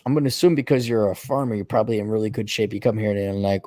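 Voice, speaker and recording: A man hosting an advice show, ranting bluntly and profanely, his voice jumping between high mocking outbursts and low mutters. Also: rapid-fire, few pauses, mellow, no echo, studio quality. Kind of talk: profane advice livestream rant.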